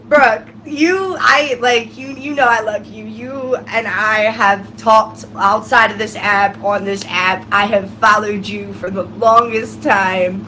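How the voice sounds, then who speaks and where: A woman's voice: medium pitch, takes it slowly, bright, forceful tone, slight background noise, poor audio. A young woman co-hosting a live-stream show, emotional and gushing, laughing through tears. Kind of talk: casual live-stream chat.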